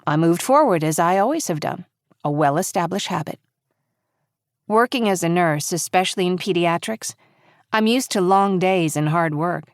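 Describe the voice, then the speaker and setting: A woman giving measured, reflective first-person audiobook narration. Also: on the low side, expressive, no echo, studio quality. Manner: measured, reflective, quietly intimate.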